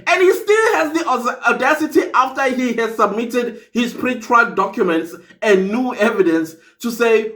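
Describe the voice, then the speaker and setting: South african guy ranting about a case, high voice that jumps all over the place. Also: moderate pace. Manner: animated, incredulous, emphatic. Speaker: commentator. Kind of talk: opinionated casual commentary.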